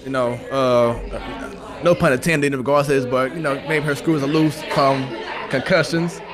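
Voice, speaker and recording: A man's voice: medium pitch, fairly even intonation, normal speed, a crowd in the background. A man co-hosting a sports talk show, steering the segments in a loose, casual way.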